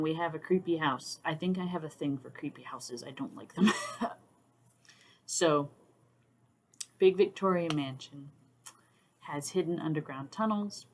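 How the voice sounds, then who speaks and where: Low-voiced woman hosting casual talk. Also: slight background noise. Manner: thoughtful, many "um"s, drops to near-whispers on creepy parts. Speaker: YouTube host.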